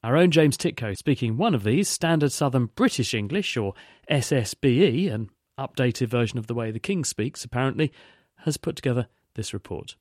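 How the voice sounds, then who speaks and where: A man presenting a science news podcast, reading scripted links in a smooth, measured way. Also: medium pitch, lively intonation, darkish tone, no echo, studio quality.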